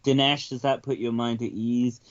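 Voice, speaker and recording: A man's voice: mid-range voice, little pitch movement, normal speed, lo-fi sound. A man hosting a comedic podcast, rambling with lots of stammered restarts, swearing and laughter. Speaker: podcast host.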